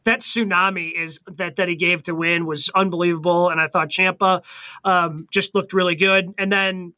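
A co-host of a wrestling podcast chats casually. The voice is bright and clear, with wry, joking asides. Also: mid-range voice, level tone, normal speed. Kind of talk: casual chat.

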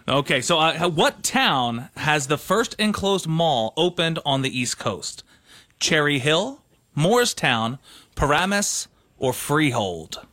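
Man, radio co-host, bright tense voice, dry close studio mic. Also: fairly high pitch, big pitch swings, slow, no echo. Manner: chatty, reads questions with asides. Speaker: radio co-host reading trivia questions.

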